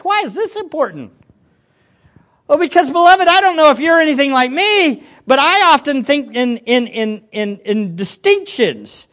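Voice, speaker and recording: A man preaching a sermon as pastor, dramatic, swinging from loud outbursts to hushed asides and repeating words as he restarts. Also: very high voice, sing-song, moderate pace, highs cut off.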